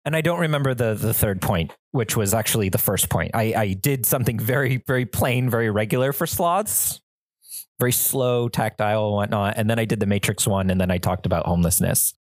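Host with a chaotic, fast-shifting storytelling style and self-mocking humor, recorded in a dry room. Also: medium pitch, no room sound. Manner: frantic, chaotic, animated telling. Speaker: podcast host. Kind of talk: storytelling monologue.

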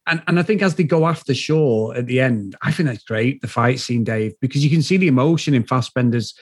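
A man co-hosting a casual movie review chat, giving enthusiastic, animated opinions. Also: mid-range voice, a little fast, slightly rough, no echo, clean studio sound. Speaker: podcast co-host.

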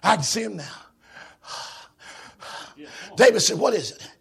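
A man preaching a sermon in a church, shouting in a sing-song preaching cadence with a raspy voice. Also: sits high, lively intonation, takes it slowly.

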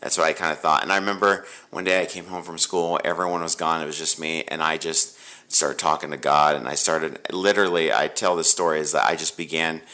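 A man, a pastor, telling a personal faith story in a rambling, animated way with many restarts. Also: a bass voice, brisk. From Ohio. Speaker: pastor and guest.

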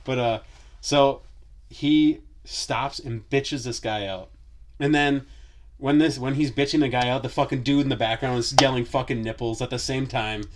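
A man's voice: mid-range voice, fairly even intonation, moderate pace. Profane, rambling man telling a story. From Wisconsin. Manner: profane, rambling, lots of filler words. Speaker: podcast host. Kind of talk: casual storytelling chat.

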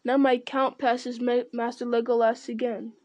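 A woman reading aloud voices a gruff, fierce male dwarf warrior who bellows battle cries and boasts of his count. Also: fairly high pitch, flat delivery, moderate pace, a little mellow, lightly acted. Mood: boastful.

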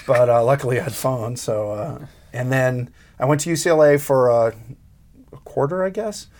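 Animated older man telling stories. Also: mid-range voice, moderate pace. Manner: animated, acts out quoted dialogue, laughs often. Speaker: interview guest, creature effects artist. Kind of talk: storytelling interview.

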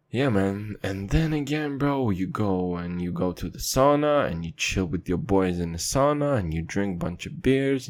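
A man's voice: lowish voice, a little mellow. A young man hosting a podcast, talking in a crude, profane, rambling rant. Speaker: podcast host.

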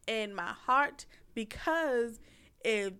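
Woman, slightly high voice, playful teasing co-host style. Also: lively intonation, very slow, bright, forceful tone, smooth. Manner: teasing, laughing, acts out quotes. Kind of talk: casual couple chat.

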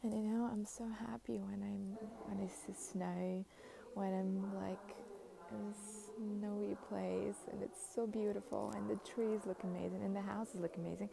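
A young woman from Ukraine, vlogging outdoors at a snowy train station in a halting, reflective way with many fillers. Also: mid-range voice, flat delivery, creaky, crowd noise, rough recording. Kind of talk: casual personal vlog.

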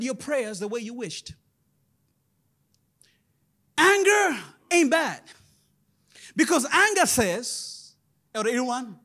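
A male pastor delivering a lively sermon, sing-song and chuckling often, calling out to the congregation. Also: extremely high pitch, takes it slowly, long pauses.

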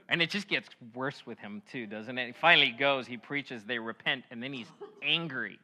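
A man preaching a sermon as a pastor, animated and acting out biblical figures, swinging from hushed to loud. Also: medium pitch, moderate pace.

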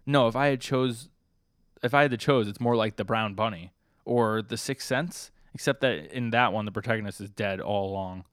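A man's voice: fairly low pitch, moderate pace, clear, resonant tone, no room sound, studio quality, natural voice. A man reading out the lines of a flustered young man who rambles and second-guesses himself. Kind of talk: reading a character's lines aloud.

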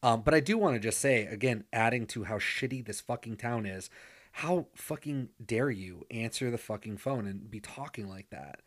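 A man's voice: mid-range voice, normal speed. A man co-hosting a casual podcast chat, ranting with lots of swearing. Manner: profane, ranting. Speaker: podcast co-host.

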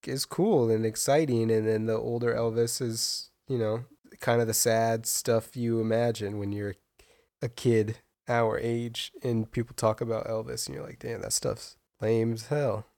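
A young man chatting casually about a film, rambling and animated with many restarts. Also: medium pitch, measured pace.

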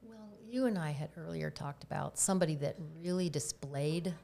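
A woman's voice: sits low, moderate pace, vocal fry, mellow. A middle-aged woman, a guest on a talk show, telling personal stories in a candid, reflective way that sometimes sinks to a near-whisper. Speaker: guest, herbalist.

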